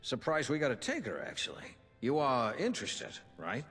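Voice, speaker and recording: A man's voice: normal speed, husky, in a large hall, faint music behind, exaggerated voice. An actor playing a weary male resistance leader in a video game, speaking in an earnest, plain way. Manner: earnest, plain-spoken, lively pitch. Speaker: game character.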